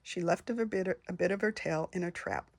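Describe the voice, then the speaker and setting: An older woman reading nursery rhymes aloud in a gentle singsong. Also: on the low side, fairly quick. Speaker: storyteller.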